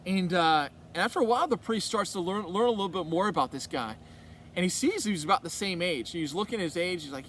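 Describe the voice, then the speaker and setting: Male retreat speaker, higher register, casual storyteller, rambling delivery with lots of quoted dialogue. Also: fast, fairly bright tone, a little hiss or hum. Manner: conversational, rambling, with many restarts and quoted dialogue. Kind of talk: casual faith talk telling a story.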